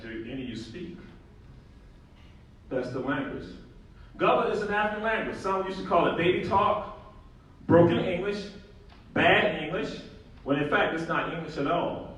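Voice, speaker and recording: A man speaks to a conference audience with emphatic, animated delivery, stressing and repeating his key points. His voice sits a bit high. He is picked up from a distance, and a heavy echo from the large hall surrounds every word. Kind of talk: public lecture. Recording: very echoey hall, voice from far off.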